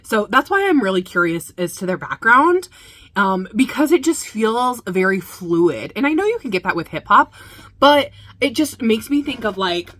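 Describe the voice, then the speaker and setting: A woman's voice: medium pitch, a bit bright, no echo. A woman hosting a music video reaction, talking casually and gushing with enthusiasm, full of fillers.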